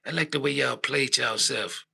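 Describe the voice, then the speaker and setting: A man's voice: moderate pace, vocal fry, husky. A man hosting a live-stream rant, preachy and scolding, repeatedly tacking "boy" and "man" onto his lines. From Southern United States. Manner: big swings between low grumbling and raised shouting. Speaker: livestream host. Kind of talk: ranting live-stream commentary.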